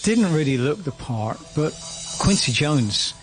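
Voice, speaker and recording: A man's voice: on the high side, sing-song, unhurried, soft background music. Reflective man telling stories. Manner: reflective, storytelling. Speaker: guest musician. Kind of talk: casual radio interview.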